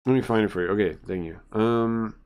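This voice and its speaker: A man's voice: fairly low pitch, brisk, a little mellow, smooth. A male live streamer giving blunt, crude, rambling reaction commentary full of fillers.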